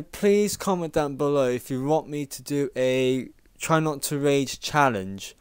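Raging gamer guy, lively pitch. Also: smooth, no room sound. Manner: frustrated, swearing, raging at the game. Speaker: gaming channel host. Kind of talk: casual gameplay commentary.

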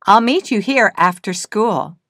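A woman voicing a calm elderly grandmother nandu bird in a storybook reading, gentle but firm and no-nonsense. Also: mid-range voice, measured pace, dry recording, studio quality. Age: older.

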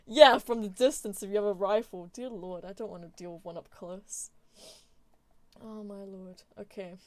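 A woman's voice: mid-range voice, steady tone, moderate pace, a little mellow. A young woman streaming from home, chatting casually with her viewers while gaming, giggling often and answering chat.

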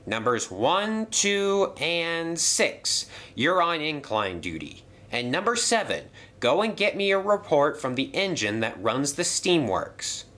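A man's voice: on the high side, sing-song, slow pace, hardly any pauses, bright, forceful tone, voice pushed up, full character voice. A man voicing a polite, fussy lanky male railway controller who sticks to the rules. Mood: brisk. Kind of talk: toy train story voice acting.

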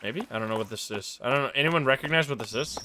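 A man's voice: medium pitch, fast, sharp tone, a little hiss or hum. A man thinking aloud and reacting to the game as he plays, on a live gameplay stream.

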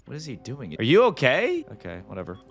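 Man, casual gameplay commentary, excitable, mock outrage, pitch swinging up and down, medium pitch. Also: brisk, creaky, faint music behind. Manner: excitable, jumpy reactions, playful mock outrage. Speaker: gaming video host.

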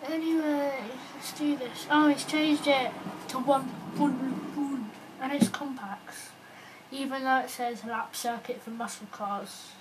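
A woman's voice: high-pitched, steady tone, unhurried. A young woman giving let's-play commentary on a racing game, often chanting a word over and over while she waits. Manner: chants repeated words while waiting. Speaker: gaming channel host. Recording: noisy home recording.

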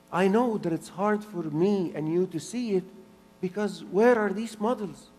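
High-pitched man giving an earnest church sermon with lots of repetition, in a hall with a long reverb. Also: moderate pace. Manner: earnest, repeats phrases for emphasis, swings between soft and loud. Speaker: pastor.

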